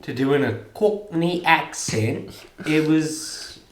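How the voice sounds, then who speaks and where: A man's voice: fairly high pitch, slow, reverberant. A tipsy man chatting casually and joking, rambling on between laughs.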